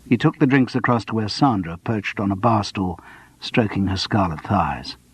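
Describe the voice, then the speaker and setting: Husky man narrating a mystery. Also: lowish voice, expressive, normal speed, no room sound. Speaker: audiobook narrator. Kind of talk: scripted narration.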